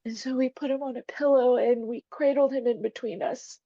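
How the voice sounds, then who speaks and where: A woman's voice: high-pitched, steady tone, brisk, mellow, no echo. Young woman, candid, emotional storytelling, swears freely, dry lo-fi sound. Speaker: podcast guest. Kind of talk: personal storytelling interview. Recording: dull, dry, lo-fi podcast sound.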